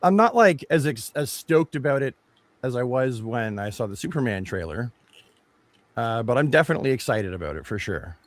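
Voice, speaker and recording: A man's voice: mid-range voice, sing-song, moderate pace, no room sound. Rambling man reviewing a trailer, dry sound. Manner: rambling, many restarts and fillers. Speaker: podcast co-host. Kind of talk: casual chat reviewing a trailer.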